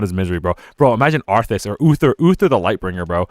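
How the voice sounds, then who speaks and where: A man's voice: fairly low pitch, lively intonation, very fast, dry recording, clean studio sound. A young man streaming a game, rambling casually, laughing often and slipping into silly quoted voices. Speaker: gaming streamer. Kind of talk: casual live-stream commentary.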